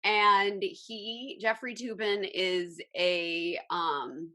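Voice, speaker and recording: A woman co-hosts a casual podcast chat. She speaks slowly in a bright voice and pauses often with ums. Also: mid-range voice, steady tone. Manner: slow, halting, with many ums. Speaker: podcast co-host.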